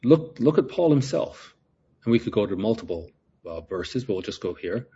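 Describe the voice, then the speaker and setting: A man's voice: lowish voice, lively intonation, moderate pace, warm tone, breathy edge, muffled recording. A man teaching a Bible passage verse by verse, explaining Greek words and often repeating himself as he works through a point.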